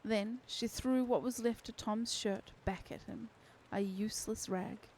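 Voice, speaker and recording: A woman streamer reading a novel aloud to her community with steady, expressive narration. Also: fairly high pitch, measured pace, slight background noise, poor audio. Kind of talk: unhurried storybook reading.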